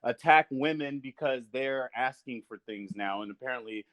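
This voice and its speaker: A man's voice: medium pitch, normal speed, a bit bright, no echo. A man hosting a podcast in casual discussion, earnest and building his points through repetition. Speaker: podcast host.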